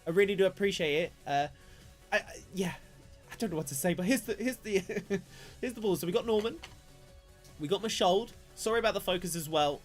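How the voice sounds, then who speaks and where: A man's voice: sits high, fast. A young man chatting casually to his live-stream viewers, rambling and self-deprecating as he opens trading cards. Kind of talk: casual live-stream card opening commentary. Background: faint background music.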